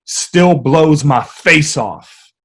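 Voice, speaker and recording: Animated man telling stories. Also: a little high, very slow, slightly rough. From United States. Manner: animated, vivid storyteller. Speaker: podcast guest. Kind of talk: casual interview storytelling.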